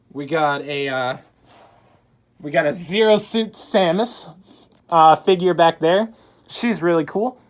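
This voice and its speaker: A woman filming a casual tour of her game room at home on a handheld phone, chatting in an offhand, upbeat way with plenty of fillers. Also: lowish voice. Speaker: video creator giving a room tour. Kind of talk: casual vlog narration. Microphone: handheld phone camera.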